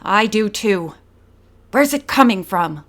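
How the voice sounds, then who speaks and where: A woman's voice: medium pitch, lively intonation, slow, fairly bright tone. A woman voicing a bossy, harsh gang leader woman in an audiobook, barking her orders. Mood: uneasy. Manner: barking, commanding.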